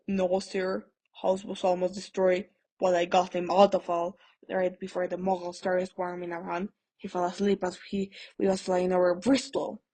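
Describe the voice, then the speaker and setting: Big soft-hearted shaggy giant guy, gruff and teary, gravelly husky voice, read out by a lady. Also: on the low side, level tone, moderate pace. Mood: earnest. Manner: tearful, gruff, humble.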